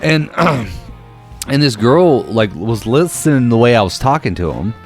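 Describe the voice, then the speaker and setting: This young podcast co-host has a medium-pitched voice and speaks a little slowly as he spins a loose, rambling story stuffed with fillers. He narrates with energy and performs different voices while soft guitar music drifts behind him.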